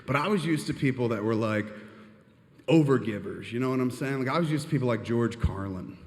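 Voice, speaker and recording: A man telling a long, animated anecdote on stage, rambling and swearing as he goes. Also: mid-range voice, brisk. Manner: animated, profane, rambling with "and shit". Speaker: storyteller on stage. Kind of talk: live storytelling monologue. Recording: long reverb of a live hall.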